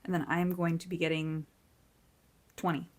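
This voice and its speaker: Counting cash into budget envelopes, this budgeting vlogger in her forties talks in an upbeat, casual way despite being short on sleep. She speaks at normal speed in a lowish, level-toned voice.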